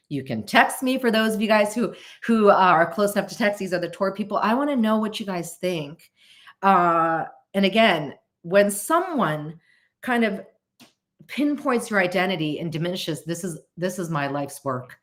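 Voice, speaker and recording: A woman hosting a podcast in casual chat, earnest and openly emotional, rambling with restarts. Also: medium pitch. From United States. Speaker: podcast host.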